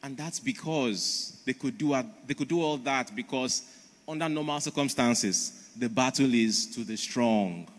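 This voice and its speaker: Man preaching, emphatic storyteller, mid-pitched, big hall echo. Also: unhurried. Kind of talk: conference sermon. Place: large church auditorium. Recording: long reverb of a large hall.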